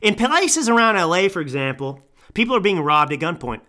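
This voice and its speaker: Angry, animated ranting man. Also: sits high, a little fast. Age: 30s. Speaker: podcast host. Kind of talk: political commentary rant. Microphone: studio microphone.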